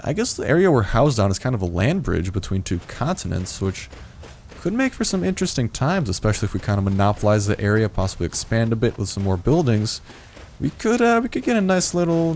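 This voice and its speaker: Guy with a lowish voice chatting through a survival game, rambly and laid back, faint ambient hum behind. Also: creaky, a little mellow. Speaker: gameplay video host. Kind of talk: casual gameplay commentary.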